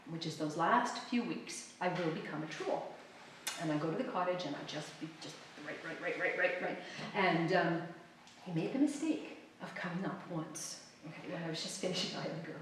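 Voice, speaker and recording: A middle-aged woman author telling animated stories to an audience, laughing often and acting out quoted lines. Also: on the low side, slight background noise. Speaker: author giving a library talk. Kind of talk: storytelling talk to an audience. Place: library event room. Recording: roomy, distant mic with faint ambience.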